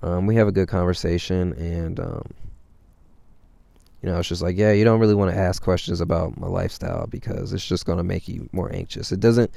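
Deep, gravelly man telling a rambling story. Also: steady tone, brisk, warm tone, no room sound. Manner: rambling and profane, with constant fillers. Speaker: vlogger. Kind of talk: casual storytelling.

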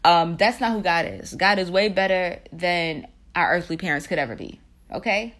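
A woman's voice: fairly low pitch, moderate pace. Earnest woman giving a faith talk. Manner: earnest and preachy, repeating phrases, bursts of excitement. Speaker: Christian women's marriage speaker. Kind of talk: faith talk with guided prayer.

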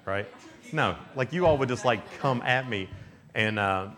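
A young man delivers a youth camp sermon in a lively storytelling way. He slips into voices for the people in his stories and laughs often along the way. His pitch sits in the middle for a man. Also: unhurried. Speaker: youth speaker.

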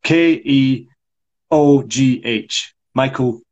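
Husky-voiced Scottish man, chatty co-host. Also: medium pitch, extremely slow, darkish tone, lo-fi sound. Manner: chatty, frequent fillers and repeated yeahs. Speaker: acting coach co-host. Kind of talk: casual live discussion.

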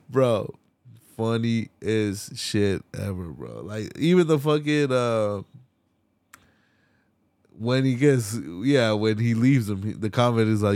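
Laid-back slangy man, low and dry. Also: takes it slowly, no room sound. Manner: laid-back slangy talk, swears a lot, animated when retelling scenes. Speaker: podcast host. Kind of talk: casual solo podcast rant.

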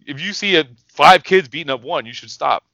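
A man's voice: a little high, a little fast, vocal fry, pushed and bright, no echo. A man co-hosting a casual talk show, ranting in a heated, profane, emphatic way. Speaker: podcast co-host.

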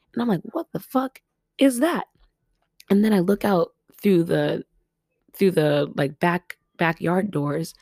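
Low-voiced chatty woman podcaster. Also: no echo, clean studio sound. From Los Angeles. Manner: chatty, laughs often, exclaims loudly. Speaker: podcast host. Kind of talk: casual solo podcast chat. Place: family home.

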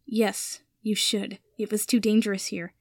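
A woman voicing a proud, upset young wizard man who answers in quick, clipped lines, in a storybook reading. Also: mid-range voice, flat delivery, creaky, a little mellow, no echo. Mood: earnest.

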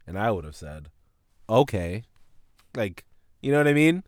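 A podcast host with a fairly low voice and moderate pace tells a childhood story casually and profanely. He is animated and voices his teacher and mom in the retelling. The sound is clean studio audio with no echo.

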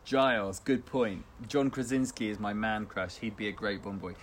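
A man's voice: fairly low pitch, normal speed, slight background noise. A man co-hosting a casual community radio chat, reading out listener comments with lots of restarts. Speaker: co-host.

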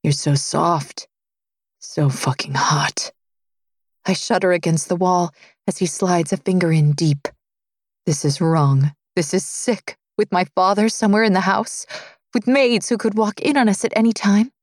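A woman's voice: fairly even intonation, normal speed, dry recording. Woman reading an intimate romance, dry sound. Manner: low, intimate reading, dropping softer for his lines. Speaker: audiobook narrator. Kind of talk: scripted first-person romance narration.

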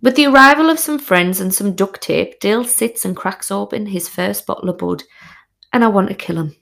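A woman tells a comic personal story, frank and full of swearing. Her voice has a gravelly, creaky texture at a middle pitch. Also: moderate pace, a bit bright. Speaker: podcast host.

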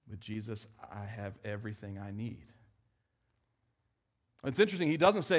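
A man preaching a sermon in church, talking conversationally and swinging from emphatic, raised lines to quiet, hushed ones. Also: medium pitch, lively intonation, normal speed. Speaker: pastor.

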